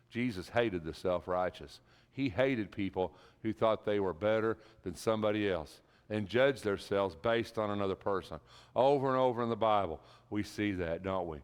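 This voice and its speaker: A man's voice: low-pitched, clean tone. A man preaching a sermon in a church, talking with emphasis and building to impassioned peaks. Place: church sanctuary. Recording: reverberant church hall.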